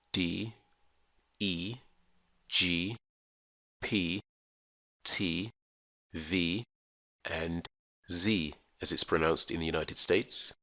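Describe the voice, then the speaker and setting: A man teaching English pronunciation in a careful, scripted lesson, spelling out letters and sounds with slow, deliberate enunciation. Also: low voice, vocal fry, bright, forceful tone, no echo.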